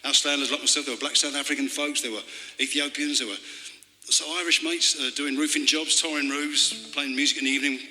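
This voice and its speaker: A man talking between songs at a live club gig, rambling and wry, halting with fillers and political jokes. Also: medium pitch, fairly even intonation, pushed and bright. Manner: halting, with many fillers and restarts. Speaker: folk singer and storyteller. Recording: hall reverb with guitar playing.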